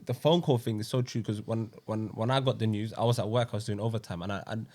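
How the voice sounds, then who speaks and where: A man's voice: on the low side, steady tone, fast, a little mellow. A young man, a podcast co-host sharing a personal story in earnest, slang-filled casual chat. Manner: earnest, slang-filled, says wallahi often.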